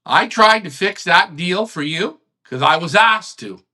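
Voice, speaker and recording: Heated male live-stream host, ranting and cursing, lively swooping pitch, bright tone. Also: a little slow. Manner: ranting, swearing, animated, swings loud to quiet. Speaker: host of a live online pigeon club show.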